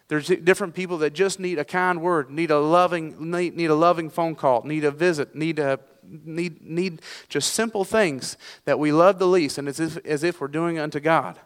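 A man's voice: a little high, a bit bright, clear, resonant tone, long reverb tail. A middle-aged man preaching a sermon as pastor, folksy and self-deprecating, with frequent restarts.

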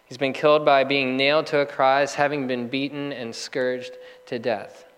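Guy preaching a sermon, earnest and slow on the big lines, lots of echo from the church. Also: mid-range voice, flat delivery, a bit bright. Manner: earnest, measured preaching with slow emphatic pauses. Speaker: pastor.

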